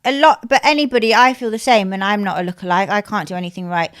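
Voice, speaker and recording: A woman's voice: medium pitch, quick pace, fairly bright tone, clean tone. A woman from the UK hosting a casual podcast interview, encouraging her guest and backing her up with frequent murmurs. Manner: encouraging, fills in with frequent mm-hmms. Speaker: podcast host.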